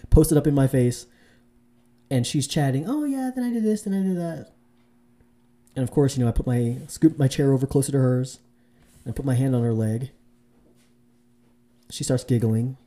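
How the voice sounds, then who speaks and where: Rambling man with a very dark voice. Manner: rambling, full of fillers and restarts, mimics women in a high voice. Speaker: vlogger giving dating advice. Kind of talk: casual storytelling to camera.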